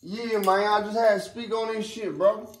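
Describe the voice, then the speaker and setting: In a noticeably high voice with fairly even intonation and normal speed, a young male vlogger rambles through casual ranting commentary aimed at his audience. Heavy profane street slang, constant fillers and restarts mark his talk, and he becomes emphatic and heated when riled up.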